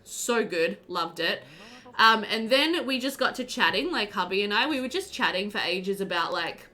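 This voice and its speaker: A woman's voice: mid-range voice, lively intonation, normal speed, pushed and bright. A woman with an Australian accent, live-streaming a game at home and chatting in a rambling way, full of fillers. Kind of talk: casual chat while live-streaming a game.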